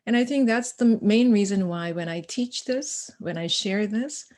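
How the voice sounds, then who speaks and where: Woman on a podcast, animated storyteller, acts out the dialogue, laughs a lot, middle pitch. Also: moderate pace. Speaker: podcast guest, educator. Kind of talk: conversational storytelling.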